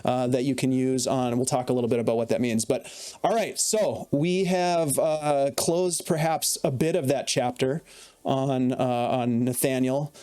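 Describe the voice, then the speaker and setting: A man narrating as dungeon master in a relaxed, chatty way, with many fillers. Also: medium pitch, moderate pace, clean tone. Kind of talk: narrating a tabletop game.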